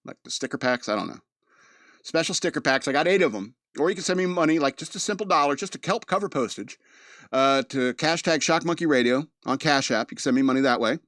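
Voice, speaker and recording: A man's voice: on the high side, lively intonation, quick pace, a bit bright, no echo, studio quality. A man hosting a podcast, telling a story in a casual, rambling way, often laughing at it as he goes. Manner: rambling, laughs at his own story, frequent restarts. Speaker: podcast host.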